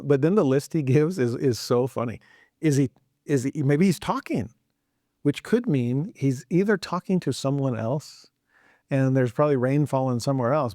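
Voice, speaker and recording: A man hosting a scripture lesson as casual commentary, humorous and animated, often slipping into joking voices. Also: medium pitch, dry recording, clean studio sound. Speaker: scripture teacher and podcast host.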